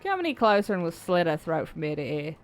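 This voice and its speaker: Brief: woman streamer doing thuggish male bandit, menacing, lively delivery. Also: on the low side, fast talker. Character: brash threatening male bandit.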